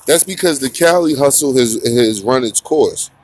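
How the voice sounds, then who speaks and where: A man's voice: mid-range voice, lively intonation, moderate pace, slightly rough. A man hosting a casual morning commentary, rambling and profane, mocking his targets and laughing often. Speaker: commentary channel host.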